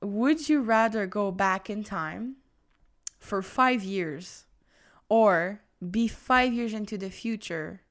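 A woman's voice: mid-range voice, takes it slowly. A woman co-hosting a casual chat, giggly and playful, often laughing mid-sentence as she tells things animatedly. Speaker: podcast co-host.

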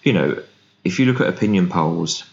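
Deep-voiced man telling lively stories. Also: a little fast, vocal fry. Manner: animated storyteller, acts out quoted voices. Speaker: business founder, guest. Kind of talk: casual interview chat. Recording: roomy, dull remote recording.

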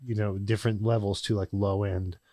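A man's voice: on the low side, flat delivery, fairly quick, mellow, dry recording, studio quality. Joking rambling man co-host. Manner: joking, profane, loose and rambling. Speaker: podcast co-host. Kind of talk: casual chat.

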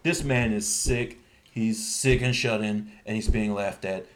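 A man's voice: fairly low pitch, a little slow. Ranting male podcast host. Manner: animated, rising to exasperated rants. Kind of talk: casual podcast chat.

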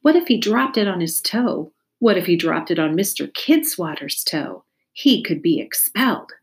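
A woman calmly reading a children's chapter book aloud as narrator. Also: fairly low pitch, normal speed.

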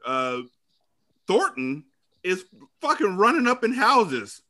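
A man hosting a podcast, with a deep voice, recapping a film in casual, profane, rambling chat. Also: huge pitch swings, slow, pushed and bright. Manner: profane, rambling, retelling scenes. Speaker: podcast host. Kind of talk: casual movie-review chat.

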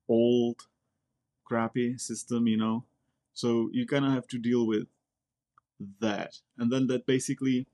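A man's voice: mid-range voice, warm tone. A man from the Republic, speaking bluntly and directly as an interview guest, often repeating words as he talks. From Czech Republic. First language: Czech. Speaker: guest, Air Force member. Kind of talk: casual interview chat.

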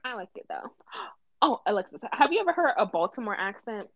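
A woman from Minnesota hosting a podcast, chatting in an animated way and filling her speech with "like". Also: mid-range voice, fairly quick. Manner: animated, many "like" fillers. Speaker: podcast host. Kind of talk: casual podcast chat. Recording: dry, dull lo-fi mic.

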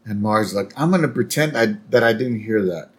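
A man's voice: lowish voice, animated, moderate pace. A man co-hosting a podcast, casually narrating an episode's plot with laughs and quoted lines. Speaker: podcast co-host. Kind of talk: casual chat retelling an episode.

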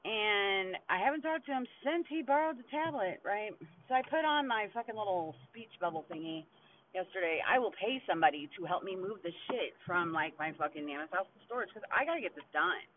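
A woman's voice: mid-range voice, expressive, a little fast, a little hiss or hum. A woman in her forties talks straight into a tinny, phone-like recording, venting in a loose, casual monologue. She swears constantly and bluntly, breaking into short laughs between her lines. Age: 40s. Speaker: podcast host.

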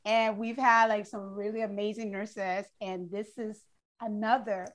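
A woman hosting a casual online chat show, effusive and gushing with excitement about her guest. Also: mid-range voice, measured pace. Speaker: show host.

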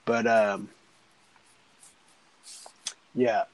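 A man's voice: fairly low pitch, level tone, drawn-out words, slight background noise, rough recording. A young man casually recapping a movie in a rambling, laid-back way, swearing often.

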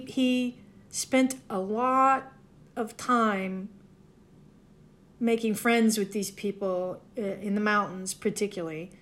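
A woman from the Ozarks, chatting casually in a digressive monologue and correcting herself as she goes. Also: mid-range voice. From Southwest Missouri, Ozarks. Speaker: folklore podcaster.

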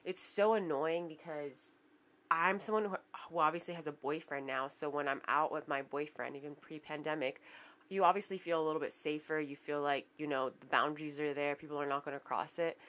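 A woman's voice: low voice, a little fast, fairly bright tone. A woman in her twenties co-hosting a casual podcast, talking frankly and animatedly and swearing freely. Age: 20s. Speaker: podcast co-host.

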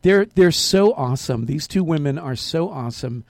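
A man's voice: fairly high pitch, expressive, moderate pace, a little mellow, dry recording. A man co-hosting a casual talk show, playful and teasing, telling jokes. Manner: playful, teasing, tells jokes with put-on voices. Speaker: co-host.

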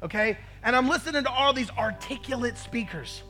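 A male pastor delivers a sermon, spinning a personal story and acting out the voices of the people in it. He keeps checking in with the room through quick "right?" asides. His voice sits high, with soft music faintly underneath. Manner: storytelling with lively acted quotes, frequent "right?" asides.

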